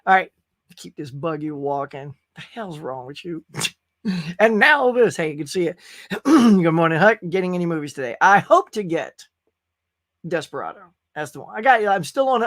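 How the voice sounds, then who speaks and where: A man's voice: sits high, very animated, normal speed, fairly bright tone. A middle-aged man hosting a casual live stream, chatty and upbeat as he reads out viewers' comments. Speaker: host.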